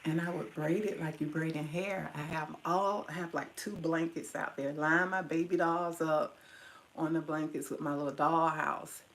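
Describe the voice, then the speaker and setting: A woman's voice: low-pitched, fairly even intonation, normal speed, poor audio. A middle-aged woman tenderly reminiscing about her mother to her viewers, at times teary-eyed. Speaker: vlogger. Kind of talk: personal storytelling to viewers.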